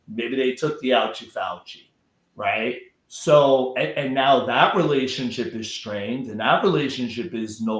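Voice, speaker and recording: Male guest, average pitch, emphatic and repetitive, echoey room. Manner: emphatic, repeats words while building up. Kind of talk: casual chat.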